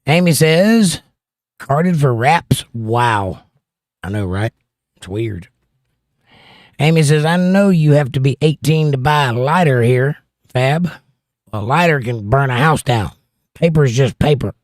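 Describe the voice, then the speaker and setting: Slow-paced and expressive, this middle-aged man's medium-pitched voice comes through in a dry, studio-quality recording, with long pauses. Hosting a livestream, he reads out viewers' comments casually and slips in wry jokes between each one.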